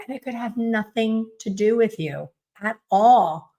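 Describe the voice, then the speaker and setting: This middle-aged salon owner and hair color educator has a fairly high, mellow voice and takes her time. In a casual coaching chat, she offers other hairstylists candid advice and imitates people's lines.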